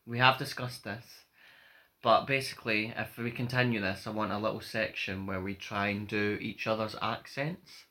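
A man's voice: lowish voice, flat delivery, moderate pace, sharp tone, a little hiss or hum. A Scottish man co-hosting a casual podcast, teasing and telling stories with lots of laughter. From northern Britain. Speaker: podcast co-host. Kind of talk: casual chat, storytelling.

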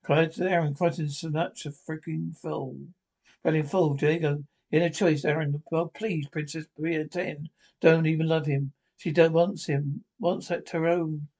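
A man with a slightly higher voice narrates a TV episode's plot in an informal, halting way. He stumbles, restarts phrases, and tosses in offhand asides as he reads out the dialogue. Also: steady tone, a little mellow. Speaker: reader retelling a TV episode.

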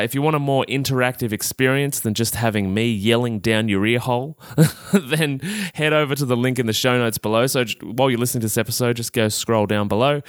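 Chatty Australian man, smooth dry voice. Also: medium pitch, fairly bright tone, dry recording. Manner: chatty, upbeat, self-amused, lots of fillers. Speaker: podcast host. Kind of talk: solo health podcast talk.

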